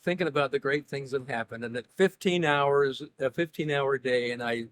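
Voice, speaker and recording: A man's voice: mid-range voice, moderate pace, a bit bright. Dry-humored man telling rambling stories. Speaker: interview guest. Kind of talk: casual conversation.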